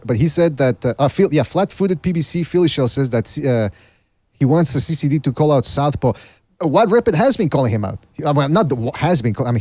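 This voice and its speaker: A man's voice: mid-range voice, a little mellow, dry recording. A man hosting a call-in podcast in a casual, rambling way with many restarts, speaking English with an accent, his first language being Spanish. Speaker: podcast host. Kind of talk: casual call-in show chat.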